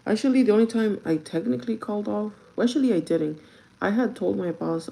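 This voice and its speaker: A woman's voice: medium pitch, brisk, gravelly, dark tone, poor audio. A young woman chatting casually while getting ready, cursing freely and laughing often. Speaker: vlogger. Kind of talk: casual get-ready-with-me chat.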